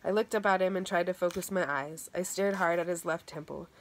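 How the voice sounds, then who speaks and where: Woman audiobook reader, first-person narration, steady, lowish pitch. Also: a little fast. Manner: steady reading with occasional word restarts.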